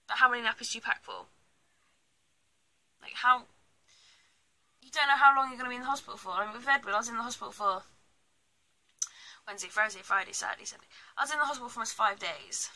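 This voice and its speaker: Young British woman, casual vlogger, blunt and ranty, very bright tone. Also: fairly high pitch, brisk, long pauses, low-quality recording. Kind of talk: casual pregnancy vlog chat.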